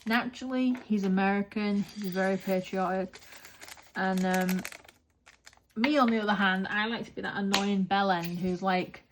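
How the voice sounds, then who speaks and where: A woman's voice: mid-range voice, moderate pace, noisy background. Chatty English woman, rambling and sweary. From England. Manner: rambling, animated, swears casually. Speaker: craft vlogger. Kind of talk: chatty vlog monologue.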